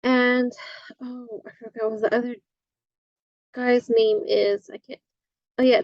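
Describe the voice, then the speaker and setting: A woman instructor giving a recorded lecture, halting often with fillers and correcting herself as she goes. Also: a little high, level tone, no room sound, muffled recording.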